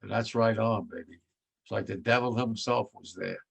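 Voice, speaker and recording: Veteran in his nineties, gravelly voice, giving plain, vivid war testimony. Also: moderate pace. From United States. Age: 90s. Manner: blunt and vivid, voice sinks low and quiet when moved.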